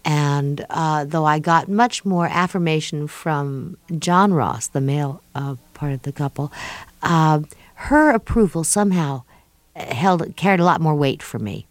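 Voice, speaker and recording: A middle-aged woman from New York, a guest speaking thoughtfully in an interview and pausing often with fillers. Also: low-pitched, no echo. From New York, USA. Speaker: guest, author of an autobiography. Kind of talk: reflective interview talk.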